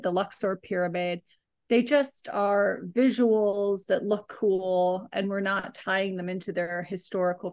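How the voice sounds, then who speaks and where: A woman co-hosting a podcast, telling an animated, chatty story and recommending a film. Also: medium pitch, dry recording. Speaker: podcast co-host. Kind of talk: casual chat, recommending a film.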